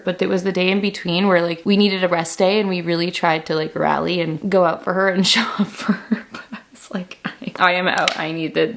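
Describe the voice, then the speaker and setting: A woman's voice: medium pitch, gravelly. A bubbly young woman from Canada chatting to camera, her voice worn from screaming. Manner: bubbly, chatty, lots of "like" and "oh my gosh". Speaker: beauty vlogger. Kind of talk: casual chat to camera.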